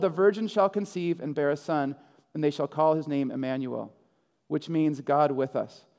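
A male pastor delivers a sermon in a high voice, slipping into dramatic quoted voices for the figures he describes. His words ring out with a long reverb, as in a large church sanctuary. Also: mellow.

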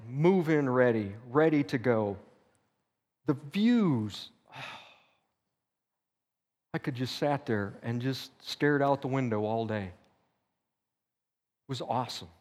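An older man tells a personal story to a church group. He talks conversationally and acts out his own thoughts aloud. His medium-pitched voice rings with the long reverb of a church hall. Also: darkish tone. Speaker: church teacher.

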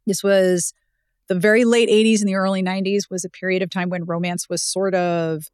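A woman's voice: mid-range voice, flat delivery, smooth, dry recording, clean studio sound. A woman in her forties from Pittsburgh with no regional accent, a podcast guest telling stories in a wry, chatty way. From Pittsburgh, USA. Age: 40s. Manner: wry, storytelling, quick asides. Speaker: podcast guest, romance novel expert. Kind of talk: casual podcast chat.

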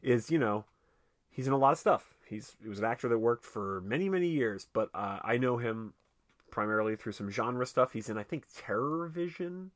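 A man's voice: mid-range voice, animated, moderate pace, no room sound, clean studio sound. A man co-hosting a casual film podcast, chatty and profane, laughing often and acting out movie lines. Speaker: podcast co-host. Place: home, recorded late at night.

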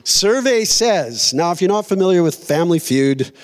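A middle-aged pastor preaching a sermon in a church auditorium, conversational and storytelling, with self-deprecating humor. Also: male voice, on the high side, fast talker, darkish tone.

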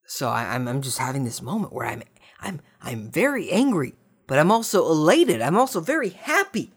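A man hosting a podcast, telling a long story in a casual way, repeating words and swinging between hushed and excited tones. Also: a little high, moderate pace, slightly rough. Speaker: podcast host. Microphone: desk microphone.

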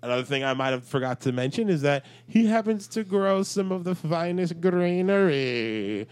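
A man's voice: fairly high pitch, animated, normal speed, a little mellow, smooth. A man co-hosting a podcast, telling stories in rambling casual chat, full of fillers and swearing. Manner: rambling storyteller, swears freely, many fillers. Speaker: podcast co-host.

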